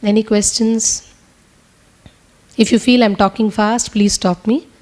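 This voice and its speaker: A woman leading a spiritual teaching session, talking fast in an earnest, testimonial way. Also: mid-range voice, fairly even intonation, a little mellow. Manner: talks fast. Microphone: speaking to a room with translators.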